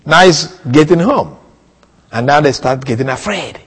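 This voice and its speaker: Guy preaching, kinda high voice, slow careful teaching, lots of hall echo. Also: lively intonation, husky. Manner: deliberate teaching delivery with emphatic repetition. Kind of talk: expository sermon. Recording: long reverb of a hall.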